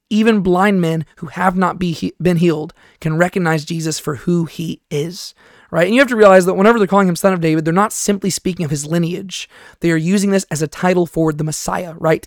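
A Bible teacher with a gravelly, fry-edged voice walks through a passage in a study lecture. The sound is dry and close, with no room around it. The teacher keeps tagging points with "right?" and breaks off to read verses aloud. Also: mid-range voice, fairly even intonation, fairly quick, no room sound. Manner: explanatory, keeps checking in with "right?"; reads scripture passages aloud in between.

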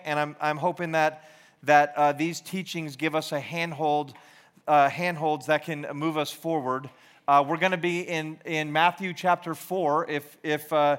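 A man's voice: fairly high pitch, fairly bright tone. A man in his forties from Georgia giving a casual, rambling sermon to a youth group, full of self-deprecating stories, fillers and restarts. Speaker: youth ministry speaker.

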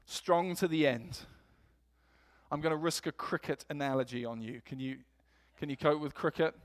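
A man's voice: a little high, moderate pace. A man preaching a sermon in a church, telling stories and acting out quotes with energy. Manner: storytelling, animated quotes.

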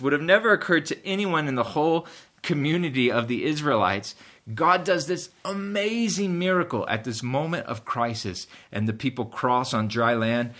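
Man, pastor, sermon, bright clear tone, earnest emphatic delivery. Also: fairly high pitch, animated, normal speed. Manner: earnest preaching, rising with emphasis at key points.

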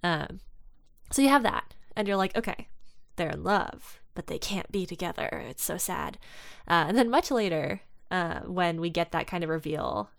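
A woman chatting casually, retelling a story and acting out the characters' lines with lively energy. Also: lowish voice, moderate pace, vocal fry, no room sound, studio quality. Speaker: podcast co-host discussing fan fiction. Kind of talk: casual chat.

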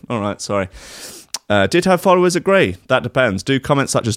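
A man's voice: on the low side, lively intonation, normal speed, no echo, clean studio sound. Sarcastic, swearing man. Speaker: host. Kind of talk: comedic rant on a streamed show.

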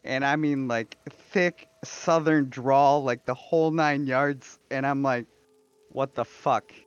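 A man's voice: medium pitch, fairly even intonation, slow, clean tone, no room sound. Man, podcast co-host, loose rambling storyteller, dry muffled lo-fi mic sound. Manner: rambling storyteller with many fillers and restarts. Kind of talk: casual chat.

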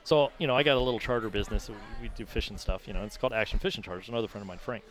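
A man telling a long story in a casual podcast chat, acting out quoted lines in a higher voice. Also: rapid-fire. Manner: animated, acts out quotes with raised pitch. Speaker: podcast guest, racing driver.

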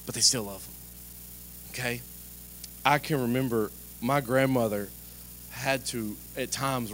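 A man preaching a sermon in a lively, conversational way, joking and asking the congregation direct questions. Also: medium pitch, slow, long pauses, slight background noise. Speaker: pastor.

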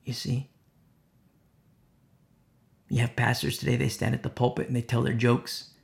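A man preaching a Bible sermon, repeating key phrases and swinging between loud emphatic peaks and hushed asides. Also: mid-range voice, flat delivery, moderate pace, creaky.

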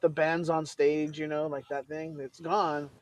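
A man from California telling stories with animated, joking energy on a call. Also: fairly high pitch, unhurried, a loud crowd. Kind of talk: casual chat.

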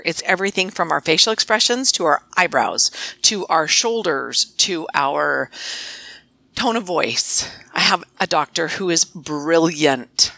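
A woman's voice: low-pitched, vocal fry, bright, forceful tone, no echo. A middle-aged woman veterinarian and practice owner, speaking as a podcast guest in an emphatic, coaching way.

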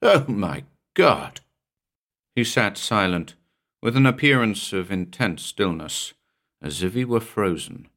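A man with a very low voice narrates a horror short story for a podcast he hosts. His reading is measured and somber, steady through long descriptive passages.

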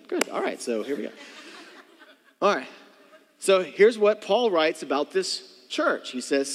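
Animated male pastor preaching in a reverberant hall. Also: on the high side, a little fast. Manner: animated, acts out voices, calls for audience response. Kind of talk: sermon. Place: church sanctuary.

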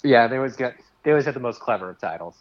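A man's voice: medium pitch, highs cut off. A man co-hosting a casual movie watch-along, laughing often. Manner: laughs often, slow and lively. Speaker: podcast co-host.

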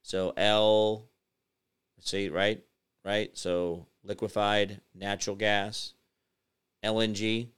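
A man's voice: on the low side, flat delivery, takes it slowly, pauses often, a bit bright, smooth. A man hosting a casual commentary show, rambling and talking straight to his listeners. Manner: rambling, talks to his audience directly. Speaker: host.

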